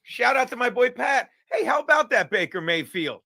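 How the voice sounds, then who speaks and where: A man's voice: very high voice, sing-song, moderate pace, creaky, sharp tone, no room sound. A man hosting a casual talk show, rambling, profane and laughing through his stories. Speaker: podcast host. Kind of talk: casual chat.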